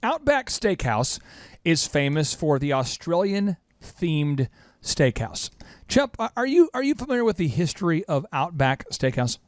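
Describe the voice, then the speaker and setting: A male podcast host talks business in a high, bouncing voice that swoops up and down. He leans hard on key words and repeats lines for punch, and the sound is close and dry. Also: big pitch swings, unhurried, no room sound. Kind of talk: energetic business podcast talk.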